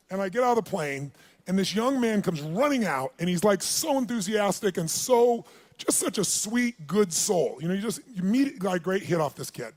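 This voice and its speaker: A man giving a motivational seminar, animatedly telling a story, acting out its dialogue and calling on the audience. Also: high voice. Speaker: motivational speaker.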